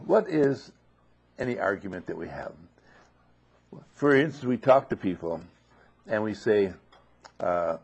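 A man giving an informal spoken teaching in a monastery dining room, often clearing his throat and asking rhetorical questions. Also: lowish voice. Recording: dull lo-fi recording.

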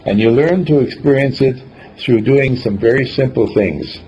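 A man giving a motivational talk, telling a story in an animated way and acting out the scenes. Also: mid-range voice, normal speed. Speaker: speaker. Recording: dull lo-fi recording, faint hiss.

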